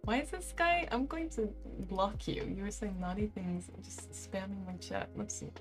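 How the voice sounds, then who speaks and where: A young woman in her twenties, a live-streamer, chatting casually and reading out viewer comments in an animated way. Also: mid-range voice, moderate pace, music in the background. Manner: chatty and animated, heavy use of "like".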